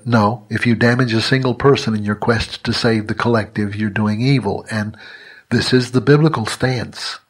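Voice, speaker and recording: A man, giving an emphatic, deliberate scripted monologue as a religious commentator. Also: medium pitch. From United States.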